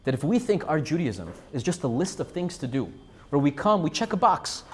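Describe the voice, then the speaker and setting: A man giving an animated, emphatic sermon and repeating phrases for effect. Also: on the high side, fairly quick, husky. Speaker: Jewish speaker. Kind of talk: storytelling sermon.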